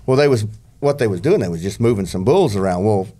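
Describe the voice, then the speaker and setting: A man's voice: lowish voice, lively intonation, fast talker, mellow. A man, a former bull rider telling a rambling story on a podcast, full of restarts and country slang.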